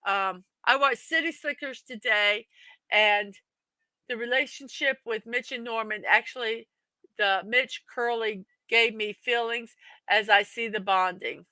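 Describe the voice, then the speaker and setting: Bright chatty woman hosting a livestream. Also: fairly high pitch, unhurried, no echo. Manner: chatty, greets viewers by name, rambling. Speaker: livestream host. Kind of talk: casual livestream chat.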